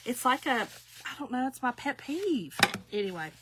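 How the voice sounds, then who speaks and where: Her fairly high voice is very animated and moves at a moderate pace over background noise. This middle-aged craft shop owner chats and rambles through stories on a livestream, talking to viewers as she demonstrates a craft by hand.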